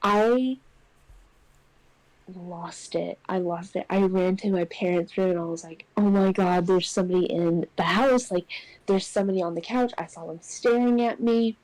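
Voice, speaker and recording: A woman's voice: lowish voice, moderate pace, no room sound, rough recording. Young woman telling a ghost story. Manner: animated, acts out quotes in raised voice. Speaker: podcast co-host. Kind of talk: casual storytelling.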